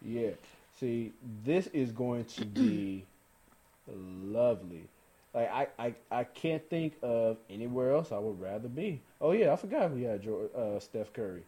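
A young man from Sacramento co-hosting a sports podcast, talking in an animated, laughing way with many restarts. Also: mid-range voice, normal speed, husky. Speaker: podcast co-host. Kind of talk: casual sports chat.

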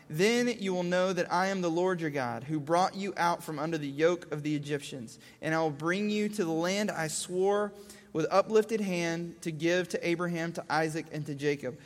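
A man's voice: fairly high pitch, big-room sound. A man giving a conversational Bible teaching, casual, asking rhetorical questions and restating verses in plain words.

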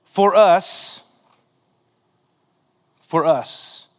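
A man preaching a sermon in a church, animated and acting out quoted lines in different voices. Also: high voice, moderate pace. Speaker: pastor.

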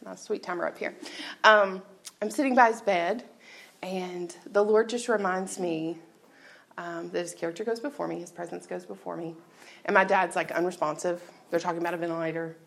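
A woman tells a personal faith story to a church crowd from the stage. Her voice has a gravelly, fry-laden edge, and she keeps it candid and chatty, often slipping into laughter. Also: fairly low pitch, brisk. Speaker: speaker at a church gathering. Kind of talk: personal testimony talk.

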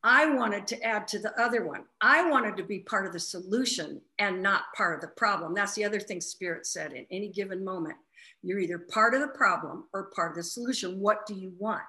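Bright-voiced woman telling a story. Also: mid-range voice, brisk. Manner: animated retelling, acts out quotes. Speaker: flight attendant, guest. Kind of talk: casual spiritual conversation, storytelling.

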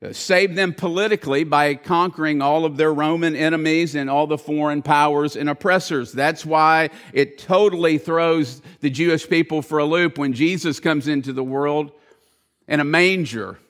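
A man's voice: fairly high pitch, fairly bright tone. A man preaching a sermon as pastor, earnest and emphatic, telling stories to drive points home.

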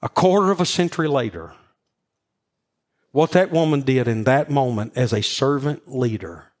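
A man preaching a sermon, telling a personal story with animated, stammering restarts. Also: mid-range voice, normal speed. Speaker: pastor.

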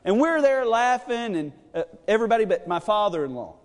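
A man's voice: high-pitched, sing-song, fairly quick. A man preaching a midweek sermon, telling a joking personal story in a chatty, rambling way with lots of fillers. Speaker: pastor. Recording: long reverb of a church hall.

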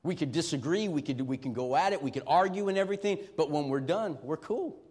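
A middle-aged man preaching a sermon as pastor, emphatic and swinging from shouting to hushed tones. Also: a little high, expressive, fast talker, husky.

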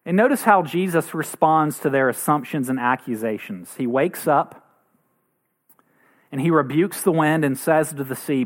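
A man preaching a sermon as pastor, earnest, acting out quoted voices now and then. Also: normal speed. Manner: earnest, acts out quoted voices with rising pitch.

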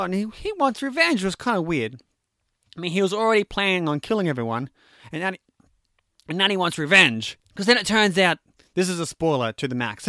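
A man casually retelling a movie plot in an animated, jokey, chatty way, full of fillers. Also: fairly high pitch, dry recording, clean studio sound. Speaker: movie recapper.

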